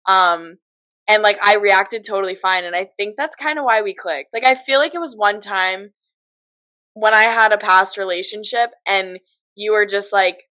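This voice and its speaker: Give me a woman in her twenties co-hosting a podcast, candid and chatty, with a bright tone. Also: mid-range voice, normal speed. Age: 20s. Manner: candid, lots of "like" fillers. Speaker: podcast co-host. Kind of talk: casual chat.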